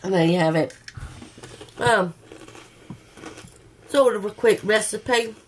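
A middle-aged woman talks through a home baking video in an unhurried, chatty way. She laughs often, at a slow pace, over a faint background hiss. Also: medium pitch. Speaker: cooking vlog host. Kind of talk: casual home baking chat.

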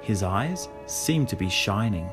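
Man, audiobook narrator, lively pitch, expressive, dramatic pauses. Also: over music. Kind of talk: audiobook reading.

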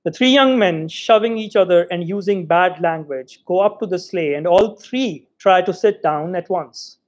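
Man reading a short story out loud, kinda high voice, theatrical. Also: normal speed. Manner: expressive, theatrical. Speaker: reader.

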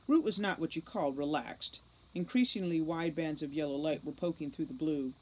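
A woman reading a novel aloud with steady, measured narration. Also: low voice, slight background noise, poor audio. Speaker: audiobook reader.

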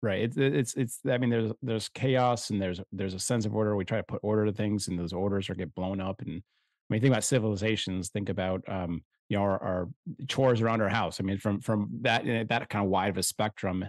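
A middle-aged man co-hosting a podcast in casual chat, thinking aloud in a reflective, halting way with many restarts. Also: lowish voice, steady tone, dry recording, studio quality. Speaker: podcast co-host.

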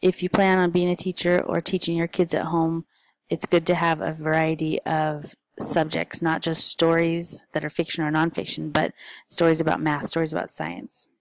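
A woman with a deep, slightly creaky voice talks casually through picture book recommendations, filling pauses with ums and uhs. Her delivery stays flat and even, with little rise and fall. The recording is close and dry, with no room sound. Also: dry recording, low-quality recording. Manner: chatty and informal, with frequent fillers. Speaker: parent.

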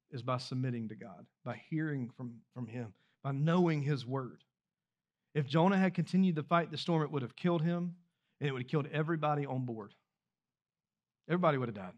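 A man with a fairly high voice delivers a sermon to his church. He preaches in a loose, conversational way, asking his listeners questions and circling back over his words as he goes. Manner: repeats words and restarts phrases while speaking freely. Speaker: pastor. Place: church sanctuary.

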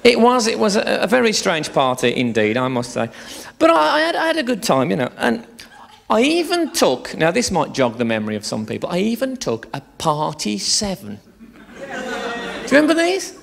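A man's voice: fairly high pitch, huge pitch swings, moderate pace, gravelly, fairly bright tone. A man doing a live stand-up routine on a theatre stage, telling bawdy, swear-laden stories in a chatty way. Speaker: stand-up comedian.

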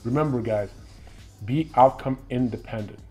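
A man's voice: medium pitch, moderate pace, darkish tone, breathy edge. A man with a mid-range voice delivers a firm, instructive advice monologue straight to the camera. He keeps checking in with short tags like "okay?" and "right?". Faint music plays behind him. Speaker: dating advice vlogger.

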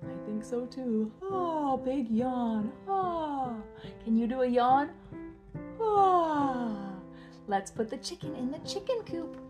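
A woman teaching toddlers first phrases in a slow, playful, sing-song way, repeating simple sentences and making animal sounds. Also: on the high side, music in the background.

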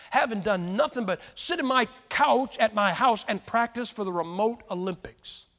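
An American man preaching a sermon, telling stories with lively emphasis and sudden swings between loud and quiet. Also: high-pitched. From United States. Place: church hall with a crowd. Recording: long reverb from a large hall.

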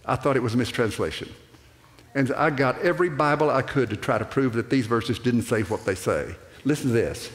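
An older man preaching a sermon to a congregation, animated and rambling, with restarts and acted-out asides. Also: on the high side. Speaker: pastor. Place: church sanctuary. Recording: echoey church hall.

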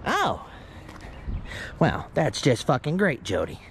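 Man doing a nagging, exasperated middle-aged mother; lively, up-and-down delivery, swears when fed up. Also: very high voice, measured pace, a little hiss or hum, pitched above the performer's own voice, full character voice. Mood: sarcastic.

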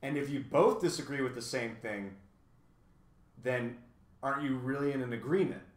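A man's voice: medium pitch, normal speed, lightly acted. A man voicing a curious, earnest young boy in a storybook, recorded in an echoey room.

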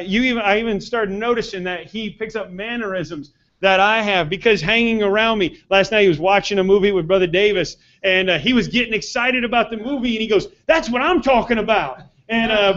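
A man preaching in a church, his voice pitched high for a man and carried with earnest, rising emphasis on his key points. The recording is dull and lo-fi, with a muffled church-sound quality. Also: a bit bright. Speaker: pastor. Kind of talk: sermon. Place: church sanctuary.

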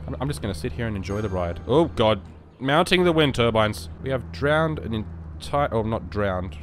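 A young man with a cold talks loosely through casual gameplay commentary, joking and rambling at a middling pitch, now and then shouting at the screen. A faint hiss of background noise sits under his voice. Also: animated, moderate pace. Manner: rambling and joking, with sudden loud outbursts at the game. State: sick with a virus. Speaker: gaming YouTuber.

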